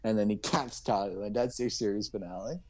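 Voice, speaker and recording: A man's voice: lowish voice, fairly quick, a little hiss or hum. Rambling, joking young man. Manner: rambling, joking, swears, acts out silly cartoon voices. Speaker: co-host. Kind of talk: casual chat between friends.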